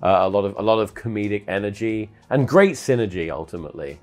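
A man's voice: fairly low pitch, lively intonation, quick pace, darkish tone. A man on a board game comedy show giving a dry, mock-serious speech.

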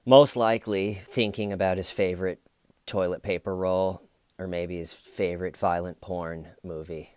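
A sardonic man with a somewhat low voice talks through a case in loose, rambling commentary. He jokes and mocks as he goes, and the sound is dry and close with no room echo. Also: steady tone, moderate pace, darkish tone. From United States. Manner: sardonic, mocking, rambling with restarts. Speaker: true crime commentator. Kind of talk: casual video commentary.

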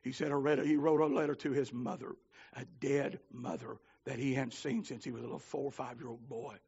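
A man preaching a holiness sermon, telling stories with fervor and swinging from shouts to low pleading. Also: steady tone, fairly quick, creaky, slightly rough, lo-fi sound. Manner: fervent, climbs to shouting then drops low. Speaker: minister.

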